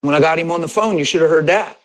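A man's voice: fast, low-quality recording. A male pastor preaching a sermon, telling a personal story in a conversational way and acting out conversations with bursts of laughter. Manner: animated, re-enacts conversations with rising pitch and bursts of laughter; conversational, direct address to congregation.

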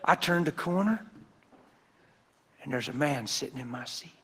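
A man preaching a sermon through folksy, animated personal stories. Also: fairly high pitch, normal speed, noisy background. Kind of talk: storytelling sermon.

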